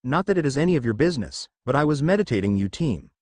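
A man reading the lines of a brash, cocky teenage boy ninja in a storybook, in a lively voice. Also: mid-range voice, quick pace, no echo. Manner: cocky and blunt.

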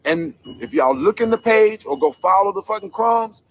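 A man's voice: high voice, lively intonation, normal speed, gravelly. A man giving an angry vlog commentary rant, heated, profane and emphatic. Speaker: commentator investigating a local scandal.

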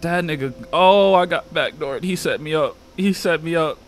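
A man's voice: a little high, moderate pace, music in the background. A young man commentating a horror game, cursing and reacting with panic. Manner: profane, jumpy, panicky reactions. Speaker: gaming YouTuber.

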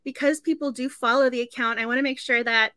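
A woman hosts a book club stream in a chatty, effusive way, laughing often. Her voice sits high and sounds bright and sharp. The sound is close and dry, with no room around it. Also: fairly even intonation, quick pace, no room sound. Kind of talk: casual live-stream chat.

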